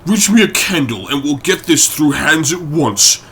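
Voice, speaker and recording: A man's voice: on the high side, animated, normal speed, pushed and bright, slightly rough, pitched above the performer's own voice, full character voice. A man voicing a frightened, loyal middle-aged butler who speaks urgently and pleadingly. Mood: anxious urgent.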